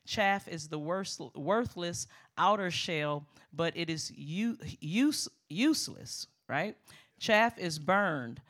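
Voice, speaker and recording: Middle-aged woman preaching, bright tense voice, lively and emphatic, keeps calling out to the church. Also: on the low side. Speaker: guest preacher. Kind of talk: sermon.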